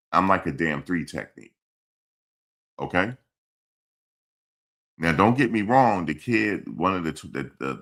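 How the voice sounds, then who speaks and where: Gravelly, very deep-voiced man streaming. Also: a bit bright. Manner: blunt, repetitive, scolding commenters. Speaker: livestream host reading chat. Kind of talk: casual live-stream commentary. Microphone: streaming mic.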